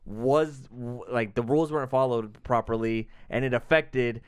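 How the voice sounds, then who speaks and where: A man co-hosting a podcast, telling stories in animated casual chat, packed with filler words and the odd swear. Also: mid-range voice, normal speed, smooth, dry recording, studio quality. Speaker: podcast co-host.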